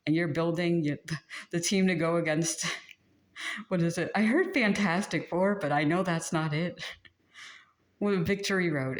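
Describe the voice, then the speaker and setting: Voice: mid-range voice, moderate pace. A tarot reader giving a casual spoken spiritual reading, rambling with many filler words and often breaking into giggles. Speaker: tarot reader channeling messages.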